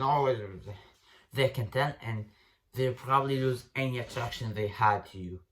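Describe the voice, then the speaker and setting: A man's voice: medium pitch, steady tone, a little fast. A man giving dating advice in a casual, unscripted rant, blunt and profane, rambling with restarts and calling the listener bro.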